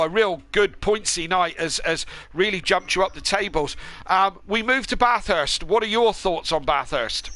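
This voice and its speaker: A man's voice: high voice, bright, forceful tone, a little hiss or hum. A man hosting a sim racing broadcast, chatting with drivers after the race with lots of fillers and restarts. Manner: chatty, filler-heavy, enthusiastic. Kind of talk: post-race interview commentary.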